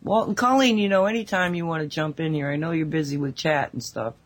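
A woman co-hosting a casual spiritual talk show, telling stories in a rambling, animated way with many asides, speaking over an online call mic. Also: low voice, fast talker. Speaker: radio show co-host.

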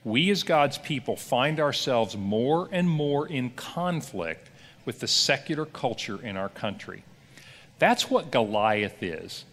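A pastor leads a relaxed Bible class, telling the story with animated energy and plenty of asides to his listeners. His voice rises and falls widely around an ordinary male pitch. The sound rings with the long reverb of a church hall. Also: slow. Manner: animated storyteller, conversational asides and rhetorical questions. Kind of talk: casual Bible class teaching.

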